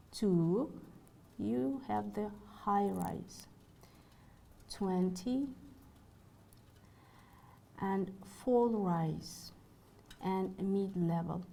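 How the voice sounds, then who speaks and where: A woman's voice: medium pitch, dark tone, low-quality recording. A woman giving an online course lecture, reading carefully with small slips and restarts while demonstrating tones; her first language is Russian.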